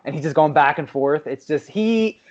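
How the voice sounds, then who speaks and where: A man with a fairly high voice chats casually on a podcast, his pitch jumping around as he acts out little quoted reactions. The audio is a bit muffled. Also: expressive, normal speed, a little mellow. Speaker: podcast co-host. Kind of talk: casual chat.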